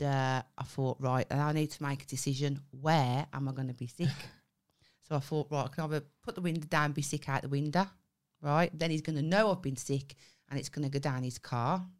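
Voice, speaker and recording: A woman's voice: a bass voice, steady tone, moderate pace. A young woman, casually chatting and telling stories on a podcast, swearing freely. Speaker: podcast co-host.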